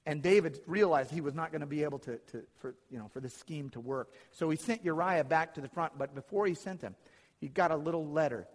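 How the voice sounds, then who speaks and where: A man's voice: fairly high pitch, a little fast, big-room sound. A man preaching a sermon, retelling Bible stories and acting out the characters' lines.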